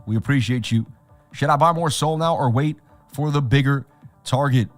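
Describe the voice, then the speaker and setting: A man hosts a trading livestream in a loose, excitable hype-man manner and keeps circling back to catchphrases. His voice sits in an ordinary middle pitch. Faint music runs quietly underneath him. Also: normal speed. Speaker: crypto trading livestream host. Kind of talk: hyped livestream chat.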